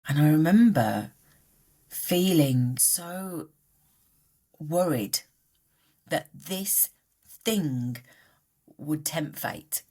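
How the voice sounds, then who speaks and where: Casting: middle-aged woman, low voice, lively delivery, open podcast guest. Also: extremely slow, pauses often, slightly rough. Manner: animated, voice jumping up and down in pitch. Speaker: guest coach. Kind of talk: candid podcast conversation.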